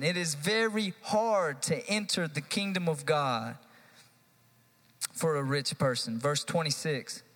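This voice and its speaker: An animated youth pastor preaching to his congregation, his fairly high voice climbing as he stacks up repeated phrases. The sound rings with a long reverb that carries across the church hall. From United States. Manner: animated, rising to emphatic repeated lines. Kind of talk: live sermon. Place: church sanctuary.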